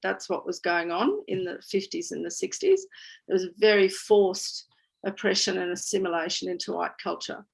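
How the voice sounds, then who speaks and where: Gravelly-voiced woman in her sixties. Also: fairly low pitch, lively intonation, moderate pace, rough recording. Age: 60s. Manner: candid, chatty, laughs easily. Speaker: guest speaker. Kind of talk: storytelling at a community talk.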